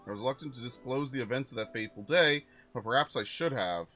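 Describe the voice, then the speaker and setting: An earnest painting master, read aloud by a male streamer, speaking formally and seriously to a student. A bright voice with faint music underneath. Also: mid-range voice, fast talker, lightly acted.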